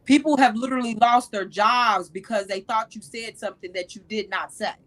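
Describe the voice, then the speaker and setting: A woman in her thirties hosting a casual advice talk, animated and repeating key phrases for emphasis. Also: on the high side, brisk, low-quality recording. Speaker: host.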